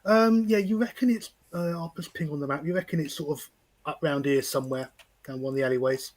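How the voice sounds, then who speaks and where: A man's voice: fairly high pitch, brisk, darkish tone. A man running a tabletop game as game master, talking in a hesitant way with many fillers and restarts. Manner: hesitant, lots of "sort of" and restarts.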